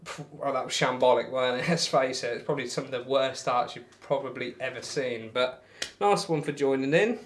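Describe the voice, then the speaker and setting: A man's voice: medium pitch, brisk, few pauses. A man with a broad Northamptonshire accent chatting casually to viewers on a darts live stream, laid-back and laughing often. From England.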